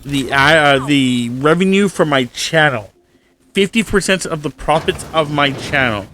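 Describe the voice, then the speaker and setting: A man's voice: on the high side, expressive, a little slow, bright, forceful tone, soft background music. A man streaming a game, chatting casually in a rambling, profane way full of fillers. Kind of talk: casual chat over gameplay.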